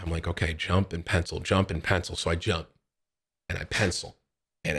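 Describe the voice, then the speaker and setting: Speaking with a fairly low pitch, a young man recounts a story for his stream chat. He's lively and foul-mouthed, and his voice leaps up whenever he acts out what someone said.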